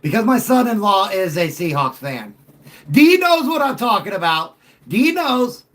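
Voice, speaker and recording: A middle-aged man hosts a sports talk show with a high, animated voice. He jokes and banters loosely with callers and gets excited easily. His delivery swings between playful and emphatic. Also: a little slow.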